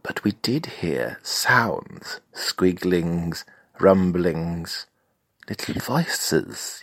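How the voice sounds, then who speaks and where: Deep-voiced deadpan storyteller man. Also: drawn-out words, vocal fry, no echo, studio quality. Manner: mock-grand, deadpan, profane. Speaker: comic storyteller. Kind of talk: comic story narration.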